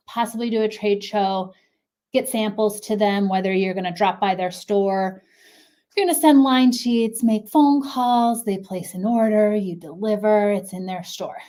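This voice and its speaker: A woman's voice: mid-range voice, a little mellow. A woman in her thirties, a clothing brand consultant giving casual, encouraging advice to camera with lots of fillers, slightly out of breath from pregnancy. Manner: chatty, encouraging, frequent fillers.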